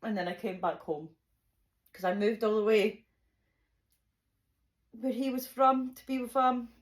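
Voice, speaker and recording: A young woman telling a chaotic storytime to camera, chatty and swearing, with dramatic outbursts. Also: fairly high pitch. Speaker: vlogger. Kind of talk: storytime monologue.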